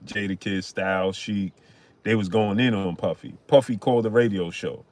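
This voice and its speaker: Man, live-stream host, fairly low voice, casual boxing talk, greets the chat. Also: normal speed. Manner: shouts out chat names, chatty and animated.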